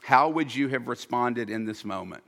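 A man's voice: mid-range voice, moderate pace, creaky, fairly bright tone, big-room sound. A man, a pastor, preaching an earnest, emphatic sermon and acting out the quoted lines.

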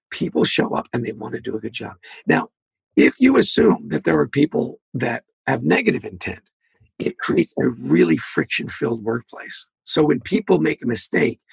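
A man speaking as an interview guest, telling animated stories and acting out the quoted dialogue. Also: mid-range voice, vocal fry, breathy edge, no echo. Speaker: guest, leadership author. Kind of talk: storytelling interview talk.

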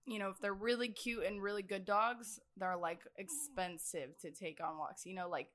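A woman's voice: mid-range voice, normal speed, fairly bright tone. A young woman, a guest, chatting casually in a bar with a laid-back, filler-heavy way of talking. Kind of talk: casual chat.

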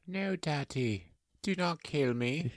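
A small boy pleading with his father, his voice pushed up high and stretched into slow, whiny begging, as a man puts him on. The sound is close and dry, with no room around it. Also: animated, dry recording.

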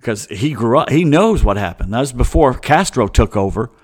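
A man's voice: medium pitch, lively intonation, normal speed. Rambling opinionated middle-aged man. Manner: opinionated, digressive, chuckling asides. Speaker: host. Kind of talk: casual rambling monologue.

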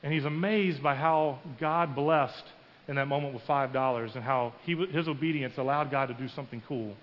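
A man's voice: mid-range voice, normal speed. A man preaching a sermon in a church, telling a story and acting out the quoted voices with rising emphasis. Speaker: pastor. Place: church sanctuary. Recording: muffled with long hall reverb.

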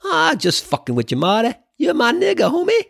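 A man's voice: extremely high pitch, wildly swooping pitch, fairly quick, creaky, fairly bright tone, pitched above the performer's own voice, exaggerated voice. Brief: man playing a cocky, ribbing actor, voice jumps way up, lots of swing. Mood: teasing. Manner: needling, slangy. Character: teasing male actor, cocky and playful.

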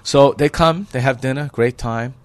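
Lively storytelling chef, a man. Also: medium pitch, moderate pace, no room sound. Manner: animated, acts out the people in his stories; laughs often. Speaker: chef, restaurant guest. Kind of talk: storytelling in a podcast interview.

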